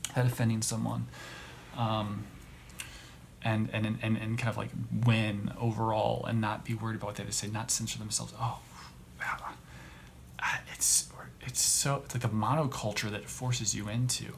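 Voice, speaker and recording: A man hosting a podcast who rants in a casual comedic way, rambling and halting with many restarts. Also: lowish voice, level tone, gravelly, a little hiss or hum. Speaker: podcast host.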